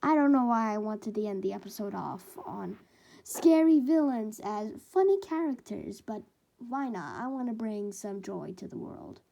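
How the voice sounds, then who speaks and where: Gravelly, slow-talking woman storyteller. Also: a little high, dark tone. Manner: rambling, chatty asides. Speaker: narrator. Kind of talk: casual fan-fiction storytelling.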